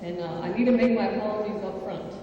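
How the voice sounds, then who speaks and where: A woman's voice: mid-range voice, fast, distant mic, dull audio, noisy background. A woman with a Southern US drawl giving a ceremonial speech, with joking, self-deprecating asides to the audience. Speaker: guest speaker. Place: large banquet hall. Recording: echoey hall, picked up from afar.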